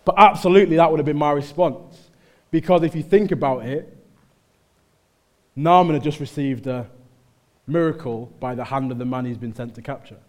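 Mancunian preacher, fairly high voice. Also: male voice, moderate pace, pauses often. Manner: conversational, rising to loud exhortation. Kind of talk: sermon. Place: church.

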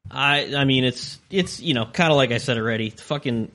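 A young man telling profane, animated stories as a guest in a casual podcast chat. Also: medium pitch, moderate pace.

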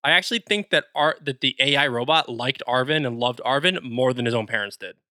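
A man's voice: medium pitch, brisk, pushed and bright, no room sound. A man co-hosting a podcast, eagerly retelling a video game's story in casual chat. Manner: enthusiastic, retells game scenes with quoted lines. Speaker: podcast co-host.

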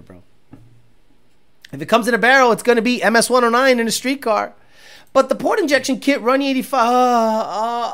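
A woman hosting a casual livestream as a car tuner, profane and animated, laughing often. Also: mid-range voice. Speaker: car tuner and stream host.

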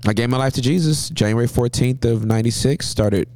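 A man in his forties from Southern California, a pastor telling stories as a guest in an interview, with a humorous, lively manner. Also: mid-range voice, a little fast, no echo, clean studio sound. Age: 40s. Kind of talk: interview storytelling.

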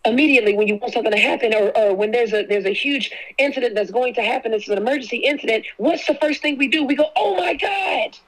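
A woman's voice: a little high, fast, few pauses, a bit bright, rough recording. A woman giving a preaching-style faith talk, emphatic, repeating key phrases and speaking prayers aloud.

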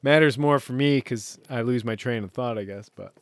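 A man's voice: mid-range voice, moderate pace, no echo. A man talking casually while alone on a sailboat offshore, rambling and joking at his own expense. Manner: rambling, self-mocking, laughs often. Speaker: solo sailor podcaster. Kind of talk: casual talk.

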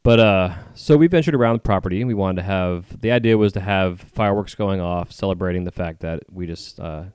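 A man with a low, resonant voice chats casually as a podcast co-host. He rambles, stops and restarts, and leans on fillers as he talks. The sound is dry and close. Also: brisk, hardly any pauses, a little mellow, smooth, no room sound. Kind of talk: casual chat.

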